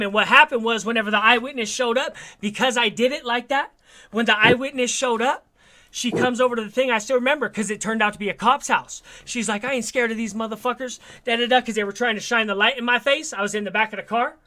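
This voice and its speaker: A man's voice: very high voice, fast talker. A man telling streetwise stories in a casual, swearing chat. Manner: streetwise, swearing, animated storyteller.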